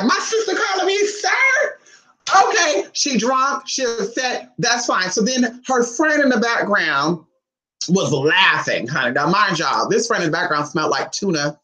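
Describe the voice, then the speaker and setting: A woman vlogger telling a story in a sassy, profane, animated way, calling her viewers honey and girl. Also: reverberant, rough recording. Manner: dramatic swoops in pitch. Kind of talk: casual storytime monologue.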